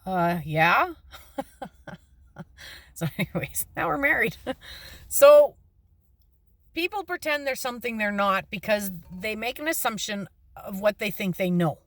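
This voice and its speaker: A middle-aged woman tells a story from her own life in a casual, blunt, salty way. She acts out the lines she quotes, and her voice sits at a middle pitch. The sound is dry and close, with no room echo. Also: animated, a little slow, long pauses, fairly bright tone.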